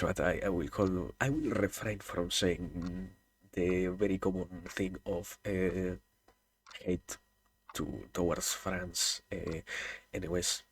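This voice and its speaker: Gravelly low-voiced Argentine man. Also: fairly bright tone. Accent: Argentine Spanish. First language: Spanish. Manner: hesitant, many fillers and restarts. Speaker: streamer. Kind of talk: casual chat with viewers.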